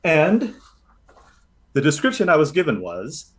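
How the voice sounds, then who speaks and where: Lively man narrating as game master. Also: medium pitch, unhurried. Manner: lively, animated storytelling with frequent fillers.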